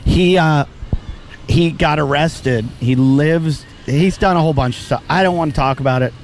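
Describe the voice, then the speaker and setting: A man hosting a podcast, telling crude stories in animated, profane casual banter into a studio microphone. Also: a little high, normal speed, slight background noise. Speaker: podcast host.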